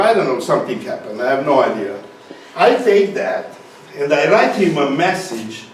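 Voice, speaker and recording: A man with a Romanian accent giving a conference talk, halting with fillers and restarts. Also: fairly high pitch, big pitch swings. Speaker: speaker. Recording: echoey hall from far off.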